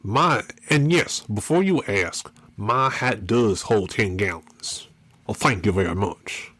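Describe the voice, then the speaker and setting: A man's voice: a bit bright, slightly rough, no room sound, heavily acted. A man putting on a mock country drawl as a comic bit on a podcast. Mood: playful. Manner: slow put-on Southern drawl, raised pitch.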